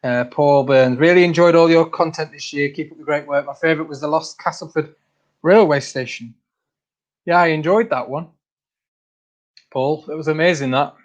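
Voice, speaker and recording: A man's voice: fairly high pitch, normal speed, highs cut off. A man hosting a casual livestream, reading out viewer comments, laughing often and calling people mate. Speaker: channel host.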